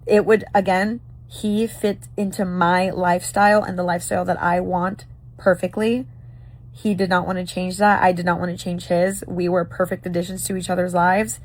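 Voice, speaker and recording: A woman's voice: on the low side, level tone, normal speed, dry recording. A woman giving an emphatic opinion monologue to camera, repeating points and adding apologetic asides. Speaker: social media commenter.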